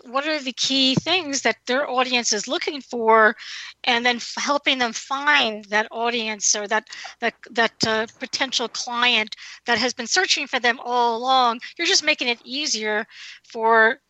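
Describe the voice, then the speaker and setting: A woman's voice: on the high side, sharp tone, no room sound, low-quality recording. A woman hosting an interview, summing up her guest's points and asking follow-up questions. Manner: summarizing, affirming questions. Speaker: interviewer, host.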